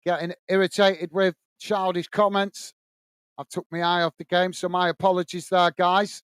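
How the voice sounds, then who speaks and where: A man's voice: high voice, level tone, normal speed, a bit bright, clear, resonant tone, no echo. A man from England hosting a live football watch-along, scolding a commenter bluntly and then describing the play to viewers. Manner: blunt, irritated ranting at a commenter.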